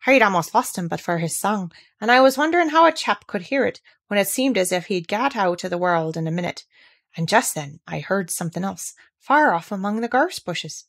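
A woman's voice: medium pitch, animated, fairly quick, creaky. A woman doing a friendly moorland country boy. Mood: easygoing.

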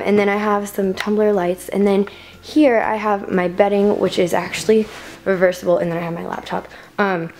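Teen girl vlogging her bedroom, rambly with lots of ums, a bit breathless, some noise behind. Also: mid-range voice. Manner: chatty, rambling with many ums. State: slightly out of breath. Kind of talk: casual room tour. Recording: noticeable background noise.

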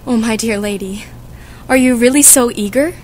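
A woman's voice: fairly high pitch, a little mellow, a little hiss or hum, natural voice. A woman playing a fussy, chatty old nurse who complains and teases, reading for a school audiobook. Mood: fussing. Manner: complaining, teasing, drawn-out.

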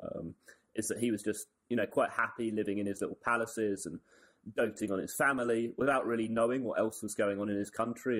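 A man co-hosting a casual history podcast, retelling events with wry, joking asides. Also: lowish voice. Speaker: podcast co-host.

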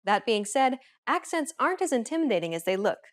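A woman hosting a language lesson, explaining the rules in a clear, measured scripted narration. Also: fairly high pitch, big pitch swings.

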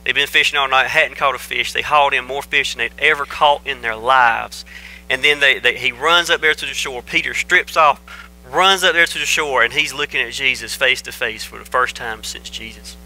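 A man preaches with a sharp, bright, forceful voice. He hammers his points home by repeating short phrases. It is a plain, earnest church sermon. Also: medium pitch, normal speed, poor audio. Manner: emphatic, repeats phrases for stress. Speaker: pastor.

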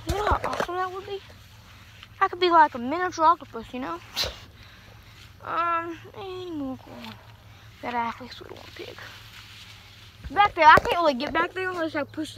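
A young woman with a very high-pitched voice vlogs while picking corn outdoors in a cornfield, chatting and rambling to her viewers and sounding out of breath. She holds her phone in one hand, and the outdoor recording is noisy.

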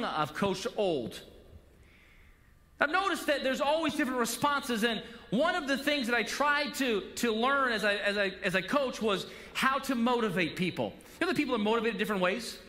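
A male pastor in his forties preaching a sermon in a church, animated and acting out little dialogues. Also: extremely high pitch. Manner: animated, acts out coach-and-player dialogue. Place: church sanctuary. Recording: long hall reverb.

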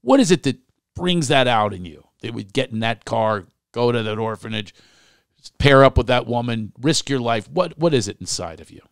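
A man's voice: mid-range voice, lively intonation, moderate pace, no echo, studio quality. A man hosting a podcast, pressing his guest with repeated, probing questions. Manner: insistent, repeats himself, keeps pressing the guest. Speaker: podcast host.

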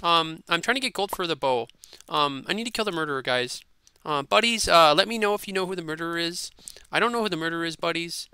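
Bright, high-voiced excitable gaming host. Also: male voice, fast, smooth, no echo. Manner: excitable, silly, repeats himself. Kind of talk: casual gameplay commentary.

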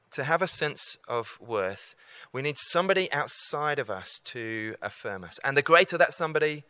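A man's voice: medium pitch, pushed and bright, no echo. A man giving an evangelistic talk to students, earnest and repeating key lines for emphasis. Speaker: campus preacher.

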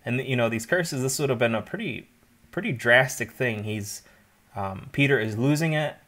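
A man's voice: medium pitch, moderate pace, fairly bright tone. A man, likely a pastor, giving an informal Bible teaching, explaining in a conversational way with asides.

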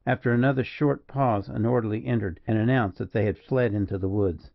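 A man giving a measured, dramatic audiobook narration. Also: fairly low pitch, steady tone, vocal fry, lo-fi sound. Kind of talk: scripted narration.

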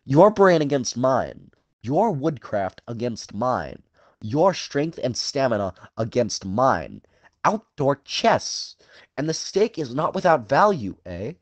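A man's voice: mid-range voice, sing-song, no echo, voice pushed up. A man voicing a suave aristocratic male hunter general, cruel and genteel, with a courtly, purring, theatrical delivery, drawing out his phrases. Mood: relishing. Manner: drawn-out, relishing phrasing raised above the narrator's voice. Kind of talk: audiobook character voice.

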